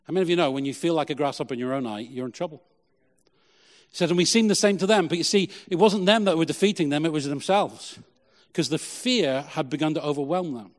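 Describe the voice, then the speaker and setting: Man preaching a sermon in a hall. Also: a little high. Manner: emphatic preaching with repetitions and slow stressed phrases. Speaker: pastor.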